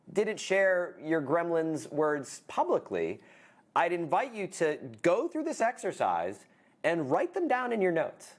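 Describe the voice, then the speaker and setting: A man co-hosting a live online coaching workshop, talking in a relaxed way with lots of "uh" and "um". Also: a little high. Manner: relaxed, many "uh" and "um" fillers. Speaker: co-host of a business coaching webinar.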